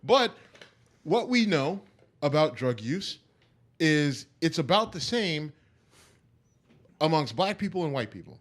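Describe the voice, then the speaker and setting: Emphatic man, higher-pitched voice. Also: sing-song, slow pace, pauses often. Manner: emphatic, keeps checking in with "right?". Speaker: podcast co-host. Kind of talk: casual chat.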